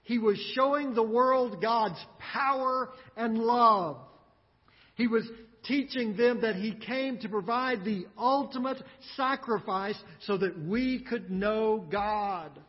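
A man preaching a sermon, earnest and emphatic, with dramatic pauses. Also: high-pitched, long reverb tail, highs cut off. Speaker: pastor.

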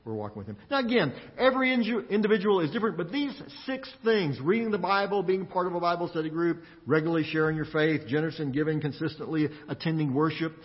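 Animated high-voiced preacher in an echoey hall. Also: male voice. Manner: animated preaching with laughs and acted-out inner voices. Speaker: pastor. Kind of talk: sermon. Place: church sanctuary. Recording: echoey church hall, dull lo-fi.

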